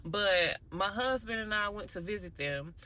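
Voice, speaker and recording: Animated, bright-voiced woman telling a story. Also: medium pitch, normal speed, poor audio. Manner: animated, conversational, addresses viewers directly. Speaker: vlogger. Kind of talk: casual storytelling to camera.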